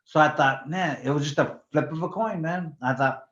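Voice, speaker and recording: A man's voice: fairly high pitch, normal speed. A man from California, a former pro boxer, telling stories in a casual interview. He swears freely and often restarts his sentences. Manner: animated storyteller, swears freely, many restarts. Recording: roomy, slightly dull sound.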